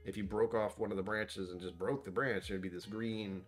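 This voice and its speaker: A man's voice: fairly low pitch, fairly even intonation, moderate pace, faint music behind. A man hosting a casual whiskey tasting vlog, rambling and self-deprecating as he thinks aloud about what he smells and tastes. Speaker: whiskey reviewer.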